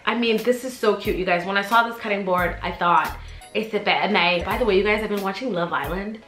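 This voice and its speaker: A woman's voice: medium pitch, brisk. Chatty young woman showing off a haul. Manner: chatty, repeats phrases for emphasis, addresses viewers as "you guys". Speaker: YouTuber. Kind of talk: casual vlog haul chat. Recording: roomy with faint background music.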